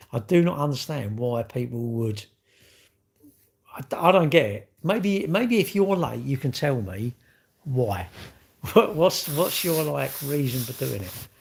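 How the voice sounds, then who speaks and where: Husky middle-aged man chatting live. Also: mid-range voice, a little mellow. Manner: rambling, opinionated, answers chat comments. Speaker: livestream host. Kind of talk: casual live-stream chat.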